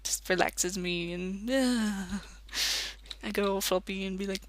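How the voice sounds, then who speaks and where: An Australian let's play commentator rambling casually while gaming, chatty and quick to laugh. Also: medium pitch, slight background noise.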